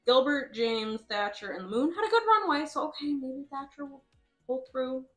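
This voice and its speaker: A woman's voice: high voice, animated, normal speed, faint music behind. A woman giving casual, chatty commentary over a game, laughing often and swearing freely. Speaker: host.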